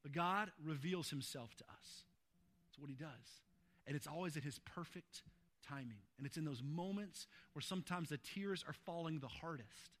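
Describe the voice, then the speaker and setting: A slightly high-voiced man gives a sermon as pastor, full of emphasis and heaped-up adjectives. He shifts between urgent loudness and tender near-whispers.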